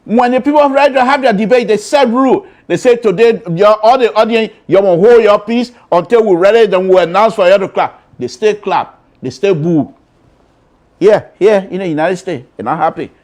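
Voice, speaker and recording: A man's voice: sits high, moderate pace. A man with a Liberian accent hosting a political talk show, speaking emphatically and repeating himself for effect. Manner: emphatic, repetitive, shifts between loud and quiet. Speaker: radio show host. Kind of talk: political commentary.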